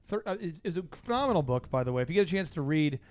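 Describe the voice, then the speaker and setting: High-voiced, energetic male podcast host. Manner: energetic, rattles off long rapid lists. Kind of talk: casual interview chat. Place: home basement room with concrete floors.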